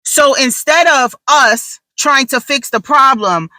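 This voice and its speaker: A woman in her thirties, a mother and podcast host, talking casually in an animated, sassy storytelling way with quick asides. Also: high-pitched, dry recording, rough recording. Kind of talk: casual talk monologue.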